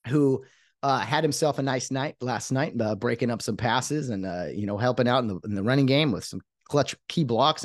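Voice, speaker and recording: A man's voice: mid-range voice, no room sound, studio quality. A man hosting a podcast, talking in a fired-up, emphatic way that rambles with restarts. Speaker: podcast host. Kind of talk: excited podcast monologue.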